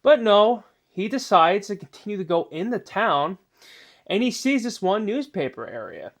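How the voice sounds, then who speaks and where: A man's voice: sits high, sing-song, moderate pace, fairly bright tone. A man telling a spooky story in a casual, rambling way, full of filler phrases. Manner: rambling, many "you know" fillers.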